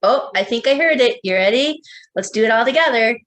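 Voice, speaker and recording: Woman librarian, slightly high voice, slow sing-song storytime for toddlers, coaxing. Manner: sing-song, coaxing, with playful animal sounds; slow, expressive read-aloud for small children. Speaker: children's librarian. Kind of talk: preschool storytime with songs and reading aloud.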